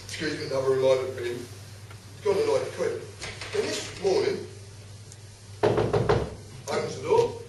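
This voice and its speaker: A man telling a casual anecdote to an audience, swearing freely and acting out the other voices. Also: fairly high pitch. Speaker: storyteller. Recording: echoey room, distant from the mic, faint noise.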